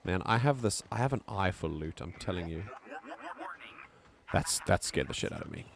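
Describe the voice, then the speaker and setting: A man with a South African accent giving casual, excitable commentary while streaming a video game. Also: sits low, normal speed, creaky, noisy background. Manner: excitable, chatty, laughs often.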